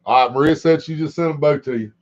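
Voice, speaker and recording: A man's voice: a little high, fast. A man hosting a livestream in a casual, rambling chat. He swears a lot and laughs often. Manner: sing-song repetition. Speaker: livestream host. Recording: dull lo-fi stream audio.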